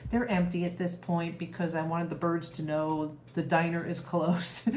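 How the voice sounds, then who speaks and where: A woman's voice: lowish voice, steady tone, moderate pace, a little mellow, slight background noise. A woman vlogger casually telling stories from home, laughing often and acting out the voices of people she quotes. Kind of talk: casual storytelling vlog. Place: her home. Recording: roomy echo.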